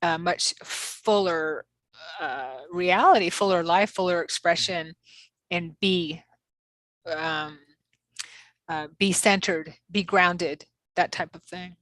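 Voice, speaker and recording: A woman psychic medium speaking in a slow, measured, affirming way during a live-stream chat over a webcam mic. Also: lowish voice, fairly bright tone, no room sound.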